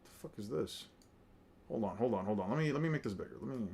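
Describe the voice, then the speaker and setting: A man's voice: on the low side, animated, fast talker, gravelly, a little mellow, husky. A man giving casual, profane commentary, muttering names and reactions as he looks over a crowded picture. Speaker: streamer reacting to artwork.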